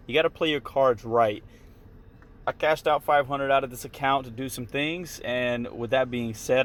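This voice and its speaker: A man's voice: mid-range voice, a little hiss or hum. Casual man explaining trades. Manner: casual, checks in with "right?" tags. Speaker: retail options trader walking viewers through trades. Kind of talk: casual screen-share tutorial.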